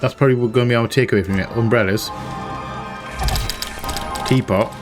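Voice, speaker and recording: A man's voice: mid-range voice, brisk, over music. Chatty man playing a game. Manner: chatty, self-mocking, thinks aloud. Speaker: game streamer. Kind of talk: casual let's-play commentary.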